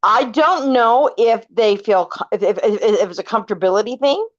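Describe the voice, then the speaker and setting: A woman's voice: mid-range voice, moderate pace. A woman in her forties from California, casually telling family ghost stories and acting out what people said. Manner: animated, acts out quoted voices, swears casually. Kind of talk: casual storytelling chat. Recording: dull lo-fi recording.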